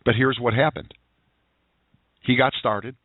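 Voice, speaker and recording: A man's voice: medium pitch, fairly even intonation, measured pace, no room sound. A man hosts an internet call-in show, speaking energetically and preachily and firing off rhetorical questions. His mid-range voice comes through a narrow, phone-like line. The sound is dry and close. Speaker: host of a daily internet radio show. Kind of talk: motivational call-in show talk.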